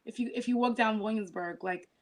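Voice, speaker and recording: A woman's voice: on the high side, brisk. A woman being interviewed as a singer and poet, talking casually and filling her speech with "like". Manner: chatty, filler-heavy with frequent "like".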